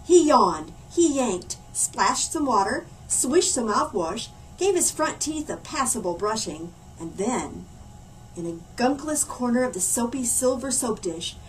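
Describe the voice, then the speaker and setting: A woman reads a picture book aloud for young listeners, playful and full of expression. Her voice sits high and leaps widely from whisper to squeal. She is set a little back from the mic, with faint room hiss behind her. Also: recorded from a distance, low-quality recording. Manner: animated, playful, swooping between hushed and loud. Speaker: library story reader. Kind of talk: children's storybook read-aloud.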